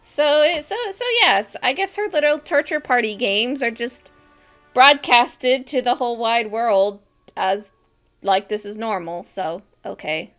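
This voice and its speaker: A woman reads game narration at an unhurried, slow pace, her voice rising and falling widely. She throws in dry, sarcastic remarks between the passages, with faint music underneath. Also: a little high, animated, a bit bright. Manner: wry, sarcastic asides. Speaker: game player reading narration. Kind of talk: reading visual novel narration with joking asides.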